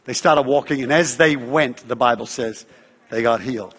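A man preaching and telling a story, animated, acting out the voices of others and using fillers like "uh" and "you know". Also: medium pitch, moderate pace, big-room sound. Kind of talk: sermon storytelling.

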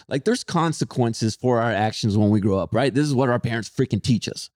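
Animated young man telling a story. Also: medium pitch, brisk, hardly any pauses, no echo, clean studio sound. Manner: animated, swearing, acts out shouting people in a raised voice. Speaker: podcast co-host. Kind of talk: casual storytelling chat.

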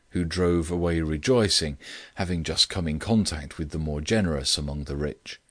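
A man with a very deep voice narrates a classic story at a measured pace. His delivery is steady and scripted. The recording is dry and close, with no room sound. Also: no room sound. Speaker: audiobook reader.

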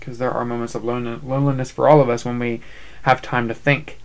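Podcast host, man in his thirties, gravelly voice, halting and reflective, middling pitch. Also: level tone. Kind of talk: casual podcast intro.

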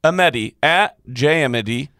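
A man co-hosts a comedy podcast and reads out stories and thanks to listeners. His voice is fairly high and bounces a lot. The mic sound is dry. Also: expressive, normal speed, a bit bright, smooth, dry recording. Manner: playful, teasing, reads items out. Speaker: podcast co-host.

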